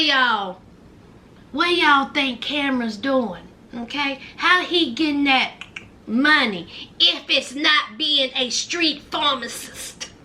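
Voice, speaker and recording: A woman with a Southern twang giving a sassy, animated recap of a reality TV show, calling her viewers honey and baby. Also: sits high. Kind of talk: casual recap commentary.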